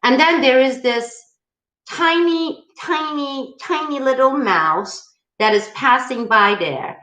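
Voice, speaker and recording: A woman's voice: fairly high pitch, measured pace, bright, forceful tone, reverberant, poor audio. A woman hosting a political channel, answering viewer questions in an emphatic, rallying way. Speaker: host of a political video channel. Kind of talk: live-style viewer Q&A.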